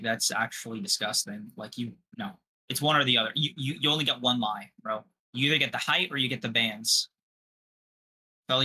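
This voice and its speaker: Brash, bright-voiced young man. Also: mid-range voice, breathy edge. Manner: brash, profane trash talk. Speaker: podcast co-host. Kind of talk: casual livestream chat.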